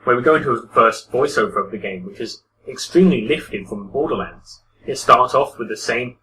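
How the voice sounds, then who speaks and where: A man's voice: mid-range voice, moderate pace, pushed and bright, recorded from a distance, slight background noise, rough recording. A man giving casual, critical commentary over gameplay footage, talking conversationally and often restarting his sentences. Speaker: game reviewer.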